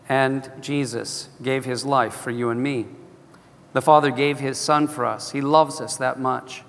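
A man preaching a sermon as pastor, earnest and emphatic, swinging between loud and hushed. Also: mid-range voice, big-room sound.

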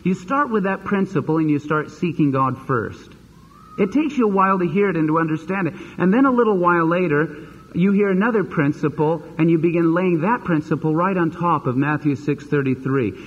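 A man preaching a sermon as pastor, animated and acting out the voices he quotes. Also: fairly high pitch, brisk, husky. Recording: dull lo-fi sermon recording with long reverb.

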